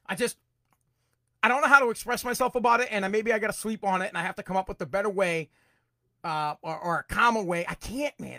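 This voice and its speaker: A man hosting his own podcast, ranting angrily about politics, swearing and repeating himself, at times breaking into shouts. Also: sits high, fast talker, dry recording, clean studio sound. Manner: angry, profane, repetitive, shouts in bursts. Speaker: podcast host. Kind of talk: political rant.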